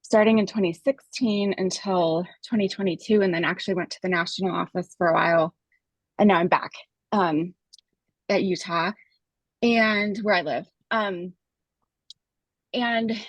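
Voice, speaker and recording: A woman's voice: medium pitch, fairly even intonation, a little slow, long pauses, no room sound. A woman talking on a video call while walking on a treadmill, a little out of breath, chatting casually about her work. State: slightly out of breath. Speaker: communications staffer at a health care provider. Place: home with a treadmill.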